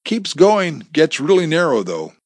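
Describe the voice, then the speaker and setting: A man voicing a timid, unsure male accomplice with a hesitant, high-pitched delivery, in a dry recording. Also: sing-song, unhurried, no echo, heavily acted.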